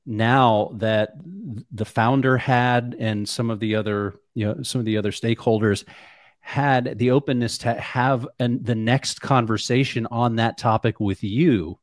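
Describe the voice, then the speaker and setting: A man hosting a podcast, reflecting in a measured way and asking thoughtful follow-up questions. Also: medium pitch, fairly even intonation, dry recording, studio quality. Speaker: podcast host. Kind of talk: interview conversation.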